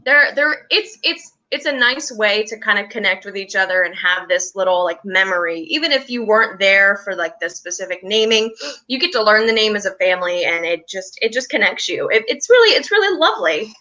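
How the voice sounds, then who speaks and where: A woman's voice: mid-range voice, lively intonation, fairly quick, sharp tone, highs cut off. A young woman from West Virginia chatting in an interview about her touring theater troupe, rambling and restarting often. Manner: rambling, restarts often, laughs between stories. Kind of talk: casual interview chat.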